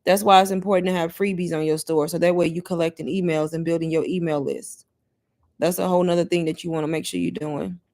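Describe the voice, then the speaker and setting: A woman's voice: on the low side, fairly even intonation, fast, darkish tone. A woman hosting a casual live Q&A stream, chatty and laughing often, talking straight to her viewers as y'all. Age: adult mother. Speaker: livestream host answering viewer questions.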